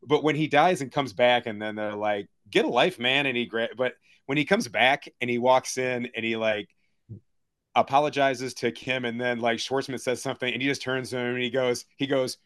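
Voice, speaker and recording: Excited man quoting movie lines, dry. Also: mid-range voice, moderate pace, clear, resonant tone, no room sound. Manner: enthusiastic, acts out movie lines. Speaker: podcast guest. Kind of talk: casual chat. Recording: dry close sound.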